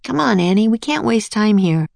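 A woman's voice: medium pitch, expressive, moderate pace, gravelly, a little mellow, dry recording, pitched above the performer's own voice. A woman voicing a sensible, worried young boy in a storybook reading, urgent and impatient.

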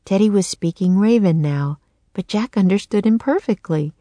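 A woman's voice: mid-range voice, warm tone, dry recording. Woman reading a children's audiobook. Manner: clear, measured storytelling. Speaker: audiobook narrator.

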